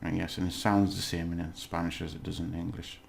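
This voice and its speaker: A man with a very low voice walks through a lesson recap in a relaxed, unscripted way. He is patient and keeps checking in with the listener, pausing often to gather his words. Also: creaky, a little hiss or hum. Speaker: language teacher. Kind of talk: casual recorded lesson recap.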